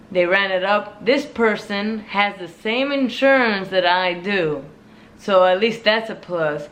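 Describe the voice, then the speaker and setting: A vlogger telling a casual storytime rant in an exasperated, animated way, full of fillers and quoted back-and-forth. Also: mid-range voice.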